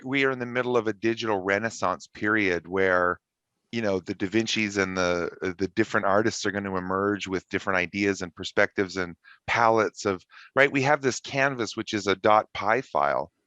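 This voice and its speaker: A man's voice: on the low side, moderate pace, bright, forceful tone, no echo. A man speaking as an interview guest, talking enthusiastically and expansively about his work. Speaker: guest network engineer. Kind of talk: conversational interview.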